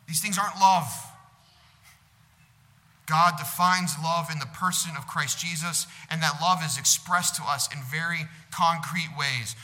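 A male pastor preaching a sermon, earnest, growing loud on some phrases and dropping soft on others. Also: on the high side. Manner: earnest preaching, swells louder on God's love and drops soft on comfort. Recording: echoing hall.

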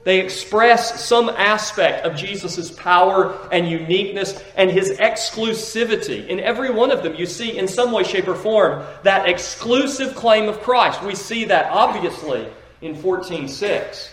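A pastor reading scripture and preaching an emphatic sermon, occasionally correcting himself. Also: male voice, sits high, unhurried, a bit bright, roomy sound, rough recording. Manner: emphatic preaching with slips and restarts.

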